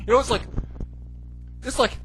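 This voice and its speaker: A man hosting a wrestling video, ranting sarcastically in a casual, animated way with lots of "you know, like". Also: normal speed, soft background music, low-quality recording. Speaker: wrestling commentary video host. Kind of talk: comedic rant.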